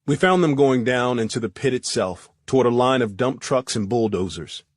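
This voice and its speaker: A man narrating a first-person thriller audiobook in a steady, measured reading. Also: mid-range voice, no echo, clean studio sound.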